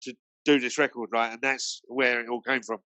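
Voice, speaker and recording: A man's voice: medium pitch, flat delivery, brisk, pushed and bright, dry recording. A man from Britain, a guest DJ, telling anecdotes in a rambling way full of fillers and restarts. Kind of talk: anecdotal storytelling in a conversation.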